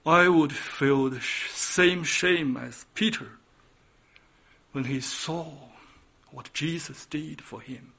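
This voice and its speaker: Slow, impassioned higher-voiced male preacher. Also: gravelly, breathy edge. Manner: impassioned, swinging between loud emphatic peaks and hushed lines. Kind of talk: sermon.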